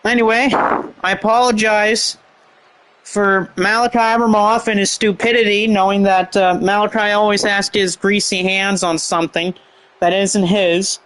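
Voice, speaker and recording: High-voiced rambling wrestling commentator man. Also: flat delivery, a little slow, a bit bright, clear, resonant tone. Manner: rambling, filler-heavy.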